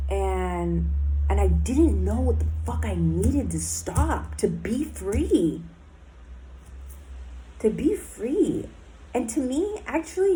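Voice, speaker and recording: A woman's voice: medium pitch, mellow, a little hiss or hum, low-quality recording. A woman in a recovery program speaking in a candid personal diary talk, blunt and emotional, swearing often and filling her speech with "like" and "um".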